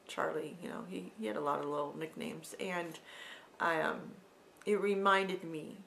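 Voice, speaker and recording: A middle-aged woman telling an emotional personal story in a vlog, halting and sometimes dropping to a soft whisper. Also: sits low, vocal fry, slight background noise. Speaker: vlogger.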